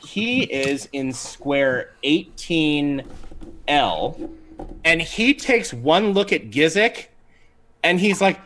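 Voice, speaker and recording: A man's voice: a little high, expressive, very slow, a bit bright, slight background noise. Chatty man running a tabletop game. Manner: easygoing, chatty, with frequent ums. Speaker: game master. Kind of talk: narrating a tabletop game on a livestream.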